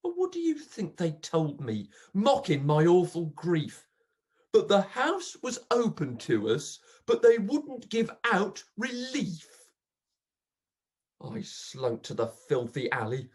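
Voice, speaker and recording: A grief-stricken old pauper man, bitter and accusing, as a reader recites him. The husky voice moves slowly and swings wildly in pitch, dropping to hushes and surging to cries. It is a melodramatic poetry recitation. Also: wildly swooping pitch, heavily acted. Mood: mournful.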